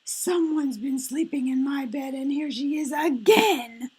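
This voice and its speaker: A woman voicing a tiny frightened young bear cub in a storybook read-aloud, in a very high squeaky wail. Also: animated, a little slow, darkish tone, low-quality recording.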